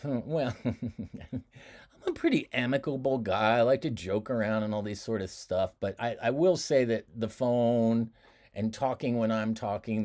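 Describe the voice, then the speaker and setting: An easygoing American man delivers a college lecture in a chatty, joking way, full of asides and little laughs. His mid-range voice leaps up and drops down as he talks, and his loudness swings just as widely. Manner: animated swings in pitch and loudness. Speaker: college instructor. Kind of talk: recorded classroom lecture.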